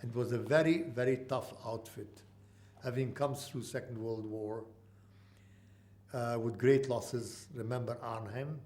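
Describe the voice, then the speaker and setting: A man in his eighties from Mandatory Palestine, telling an oral history in halting speech with many pauses. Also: medium pitch, fairly even intonation, a little mellow. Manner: halting, with frequent uh pauses and restarts. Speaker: interviewee.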